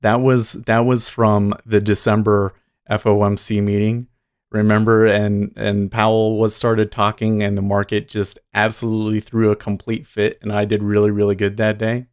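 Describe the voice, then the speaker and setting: A man's voice: on the low side, completely flat delivery, moderate pace, clean tone. A man chatting casually on a live trading stream, rambling and chuckling often.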